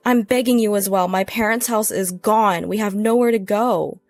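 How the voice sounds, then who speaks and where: A man's voice: high voice, fairly even intonation, moderate pace, no echo, faint music behind. Runaway husband, bewildered and pleading, read by a female narrator. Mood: panicked. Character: panicked runaway husband, adult man.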